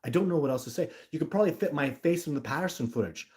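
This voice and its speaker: A man's voice: on the high side, animated, racing, few pauses, a little mellow. A man from Canada hosting a livestream, chatting through viewer comments in a talkative, blunt and emphatic way. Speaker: livestream host. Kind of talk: live-stream chat answering viewer comments.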